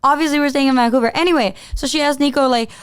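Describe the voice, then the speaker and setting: A woman co-hosting a casual podcast, telling a story in an animated way with lots of fillers and playful teasing. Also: high voice, very fast. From Mexican-American. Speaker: podcast co-host.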